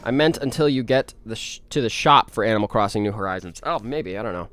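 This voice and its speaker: A man's voice: on the low side, expressive, quick pace, fairly bright tone, smooth. A young man livestreaming a game, chatting casually, reading chat aloud and playing up dramatic moments for fun. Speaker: streamer and animator.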